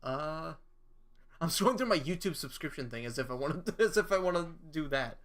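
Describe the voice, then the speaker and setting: A young man chatting casually on a live stream, halting and self-questioning, swearing now and then. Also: fairly high pitch, lively intonation, a bit bright.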